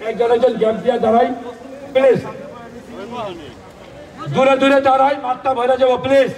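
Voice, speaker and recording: A man from Bangladesh rattles off quick instructions to a rally crowd in a high voice, asking over and over for people to make room. He sounds distant, with echo around him outdoors. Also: level tone, darkish tone. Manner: rapid, pleading, repeats please. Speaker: rally organizer. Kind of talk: directing the crowd. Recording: echoey outdoor recording from far off.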